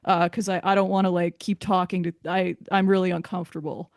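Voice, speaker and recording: A woman's voice: on the low side, little pitch movement, fairly quick, a little mellow, no echo, studio quality. A woman being interviewed, giving a candid personal account in a hesitant way, often restarting her sentences.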